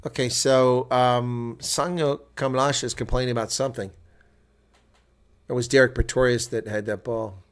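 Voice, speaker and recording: Excitable American man calling rugby live. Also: mid-range voice, normal speed, clean tone. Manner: excitable, jumps to loud shouts at big plays; chatty asides to viewers. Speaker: host. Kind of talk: live reaction play-by-play commentary.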